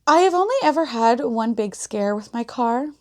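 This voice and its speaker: A woman's voice: fairly high pitch, expressive, moderate pace. A woman hosting a casual podcast, telling stories bluntly with a lot of swearing and quoted asides. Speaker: podcast host. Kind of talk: casual chat.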